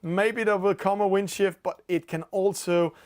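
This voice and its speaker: Male esports commentator, high voice, excitable, lots of fillers. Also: moderate pace. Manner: excitable, rises sharply at penalties, many fillers. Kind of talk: live race commentary.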